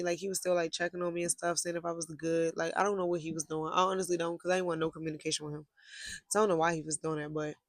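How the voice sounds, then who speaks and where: A woman's voice: lowish voice, vocal fry, dry recording. A young woman telling a storytime vlog in a casual, blunt and profane way, with heated outbursts. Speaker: vlogger.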